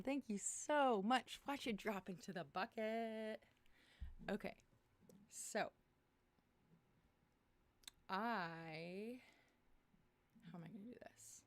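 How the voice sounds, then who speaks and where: A young woman chats on a home livestream, excitable and quick to jump between topics. Her mid-range voice sounds tired and a little worn, as if she is losing it. The sound is dry and close, with no room echo. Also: medium pitch. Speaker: livestream host. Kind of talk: casual livestream chat.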